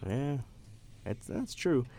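A young man hosting a casual college radio sports talk show, animated and opinionated, talking over his co-hosts. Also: mid-range voice, takes it slowly, no echo. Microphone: studio microphone.

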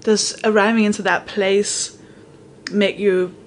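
A woman hosting a podcast, asking gentle, searching questions and feeling her way toward the wording. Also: medium pitch, flat delivery, slow, a little hiss or hum. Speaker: podcast host. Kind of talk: conversational interviewing.

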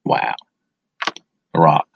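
Speaking very slowly, a podcast host chats on his own in an enthusiastic, slangy way, repeating words to drive points home. His dry close mic gives a dull, lo-fi sound with a slight hiss or hum.

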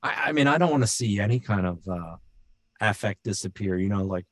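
A male voice actor in casual podcast chat, rambling with fillers and slipping into quick voice demos. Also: on the low side, lively intonation, dry recording, clean studio sound. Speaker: voice actor and impressionist.

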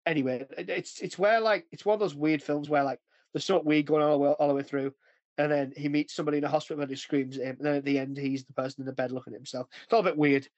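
Man chatting on a podcast, rambly, kinda high voice, dry close sound. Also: steady tone, very fast, no echo. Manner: rambling, chatty, often breaks into acted quotes. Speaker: podcast host. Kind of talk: casual chat.

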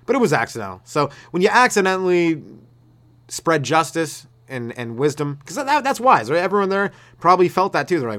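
A man's voice: a little high, big pitch swings, brisk, sharp tone. A man, a stand-up comedian ranting on his solo podcast in a meandering, laid-back way. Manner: laid-back and meandering, with restarts and acted-out voices. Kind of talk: rambling comedic rant.

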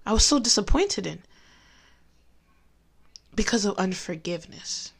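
Woman speaker, faith testimony, mid-range voice, candid and conversational, leans on key words by slowing down. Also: mid-range voice, expressive, gravelly, breathy edge. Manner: candid and conversational, with emphatic slowed phrases. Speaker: Christian speaker giving a testimony. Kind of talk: personal faith talk.

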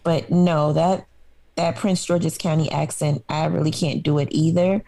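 Woman co-host, casual podcast chat, opinionated, mellow lowish voice. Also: fairly even intonation, measured pace. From Harlem, New York. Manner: conversational, opinionated, laughs easily.

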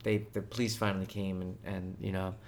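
Deep gravelly man, loose storytelling. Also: level tone, brisk. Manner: loose, profane storytelling with bursts of loud joking. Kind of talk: casual chat.

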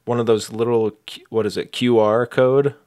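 A man's voice: mid-range voice, steady tone, moderate pace, darkish tone, clear, resonant tone, no room sound, studio quality. A man co-hosting a podcast, chatting in an easygoing, wry way. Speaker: podcast co-host. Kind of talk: casual comedic chat.

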